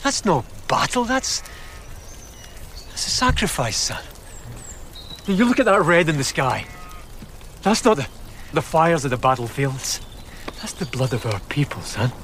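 An actor with an Irish-sounding lilt playing a desperate peasant father who schemes for dark power, intense and dropping to hushed whispers, heard through noisy TV clip audio. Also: a little high, very animated, unhurried, pauses often, full character voice. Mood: grim.

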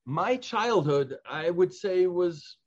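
An older man from Chicago, recounting childhood memories in an interview, earnest and reflective, pausing and restarting often. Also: high-pitched, animated. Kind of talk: personal storytelling interview. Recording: slightly dull lo-fi sound.

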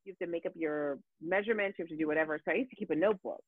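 A woman telling a story in casual talk, animated and profane, with many fillers and restarts. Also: sits low, rapid-fire, breathy edge, no echo. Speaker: guest. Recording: tinny phone-like dry sound.

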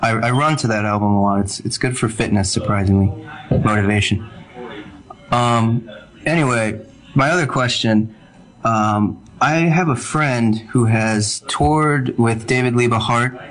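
A man's voice: mid-range voice, a little slow, fairly bright tone, rough recording. A man from Ohio calling in to a podcast, speaking politely and hesitantly with many ums. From Cleveland, Ohio. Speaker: caller. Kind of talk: casual phone-in chat.

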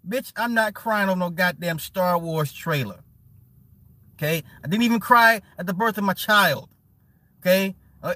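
A man's voice: fairly high pitch, bright, forceful tone. A man streaming live and reading chat messages, talking casually in blunt, profane banter with frequent laughs, repeating words for emphasis.

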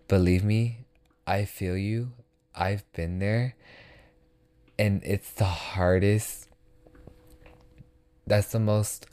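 A young man hosts his own motivational podcast in an earnest, reassuring tone. His voice sits very low and mellow. He speaks unhurriedly and repeats phrases to comfort the listener. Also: clear, resonant tone. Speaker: podcast host.

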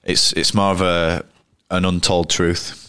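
A man's voice: deep voice, level tone, unhurried, sharp tone, smooth, dry recording, clean studio sound. A man with a Yorkshire accent, a cricketer as interview guest, telling rambling, blunt stories full of restarts. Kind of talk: casual interview storytelling. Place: pub.

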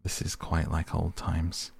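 A man's voice: a bass voice, little pitch movement, measured pace, gravelly, husky, dry recording, exaggerated voice. A man voicing a male mole who welcomes guests eagerly and grows flustered, in a storybook reading.

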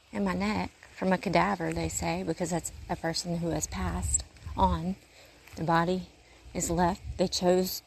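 A woman's voice: fairly low pitch, vocal fry, a little mellow, slightly rough. A woman who works in urgent care, talking in a casual faith-based monologue, earnest and rambling with a preachy streak, pacing as she talks. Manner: paces while talking.

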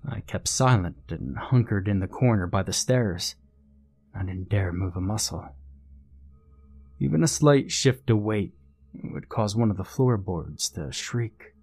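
Slow, low-voiced horror narrator. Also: male voice, darkish tone. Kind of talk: scripted horror story narration.

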